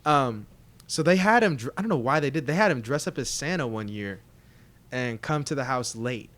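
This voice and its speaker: A young man co-hosting a casual podcast chat, telling stories in a slangy, profane, animated way. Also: mid-range voice, normal speed. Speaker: podcast co-host.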